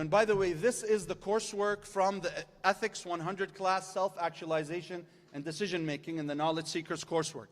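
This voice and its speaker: A man giving a lively sermon to a gathered audience, building intensity through numbered lists and calling for responses. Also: high-pitched. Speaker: religious lecturer. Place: large hall with long reverb. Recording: reverberant hall.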